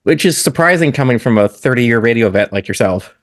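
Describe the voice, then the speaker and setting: A man's voice: medium pitch, lively intonation, a little fast, no room sound. A man co-hosting a comedy podcast in casual chat, stammering and repeating his words, on a close microphone. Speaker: podcast co-host.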